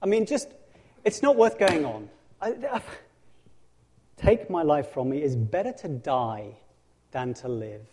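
A man voicing a sulking male prophet, worn out with anger and begging for the end in exasperated outbursts. The voice sits a little high and swings between loud pleas and drained, quiet sighs. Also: lively intonation, a little slow, pauses often, slightly rough, big-room sound. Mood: despairing.

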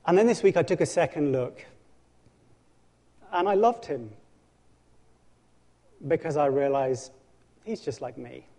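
A man preaching a sermon in animated storytelling, dramatizing scripture with frequent restarts. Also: a little high, measured pace, pauses often. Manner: frequent restarts and self-corrections. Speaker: pastor.

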